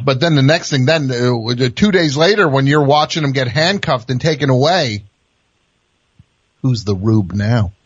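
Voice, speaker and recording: A man's voice: medium pitch, lively intonation, measured pace, husky. Man riffing on a comedy call-in show. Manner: riffing, builds bits, acts out little scenes. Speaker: radio show host. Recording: dry, slightly dull audio.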